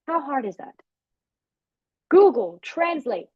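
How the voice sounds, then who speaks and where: A woman teaching on prophetic ministry, emphatic and animated, repeating her key phrases. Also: high voice, normal speed, no room sound. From Africa. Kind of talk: preaching teaching session. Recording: dull lo-fi sound.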